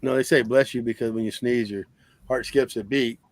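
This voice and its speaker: A man's voice: medium pitch, fairly even intonation, moderate pace, gravelly, no room sound. A man co-hosting a casual live stream chat, reading fun facts and joking. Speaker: co-host.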